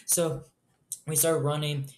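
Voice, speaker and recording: A man's voice: on the high side, level tone, slow. Casual, sarcastic young-sounding man. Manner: casual, swearing, sarcastic asides. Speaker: storyteller. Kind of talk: improvised collaborative story.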